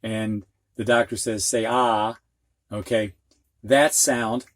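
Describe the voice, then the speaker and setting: A man's voice: on the low side, little pitch movement, slow pace, no echo. A man with a Midwestern accent teaching reading, explaining dictionary pronunciation symbols in a frank, plainspoken way and drawing out sounds to demonstrate them. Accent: American Midwest. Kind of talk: slow, explanatory lesson.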